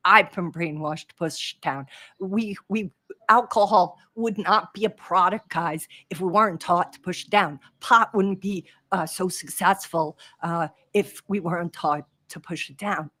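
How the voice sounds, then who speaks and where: A woman hosting a live trading-coaching stream, chatting casually and reading out viewer comments in an animated way. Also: on the low side, measured pace.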